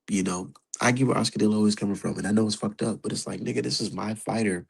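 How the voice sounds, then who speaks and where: Gravelly man riffing on a live stream. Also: fairly low pitch, fast talker, low-quality recording. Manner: profane, animated, talks to chat. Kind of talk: casual live-stream commentary.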